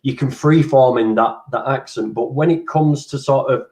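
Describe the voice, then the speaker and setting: A man hosting a casual interview, chatty and animated, casually swearing. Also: medium pitch, moderate pace. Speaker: interviewer, channel host.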